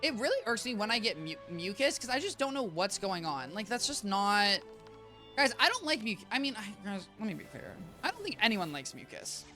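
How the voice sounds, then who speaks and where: A woman's voice: mid-range voice, big pitch swings, brisk, bright, forceful tone, faint music behind. A young woman streaming a game from her apartment, rambling playfully and talking straight to her chat. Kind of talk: casual gameplay chatter. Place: home apartment.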